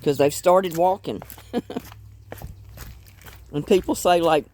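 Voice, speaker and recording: A woman's voice: lowish voice, slow, a little mellow, a little hiss or hum. A woman chatting casually in a home cooking and gardening vlog, savoring her food with little murmurs.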